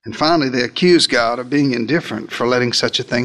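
A man's voice: fast talker, hardly any pauses, fairly bright tone. A man preaching a theatrical sermon, retelling a story as if he were there and speaking directly to his listeners. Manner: theatrical, shifts pitch and pace for emphasis. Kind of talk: dramatic first-person sermon storytelling.

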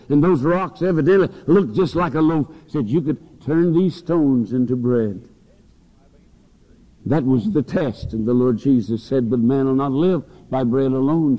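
A man preaching a sermon to students, telling folksy stories and acting out voices. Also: medium pitch. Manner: folksy storytelling, acts out voices. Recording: dull lo-fi recording with long hall reverb.

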